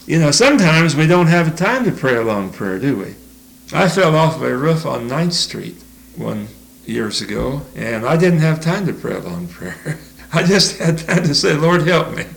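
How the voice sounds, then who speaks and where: A man's voice: a little high, vocal fry, rough recording. An older man giving an informal sermon, telling homely stories, reading scripture and chuckling often as he talks. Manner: folksy, chuckling often, reads scripture aloud. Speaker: preacher.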